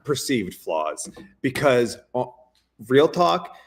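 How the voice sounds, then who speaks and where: Taking his time, a Canadian guest with a medium-pitched voice talks through a casual interview. His speech is spirited but littered with fillers and halting false starts.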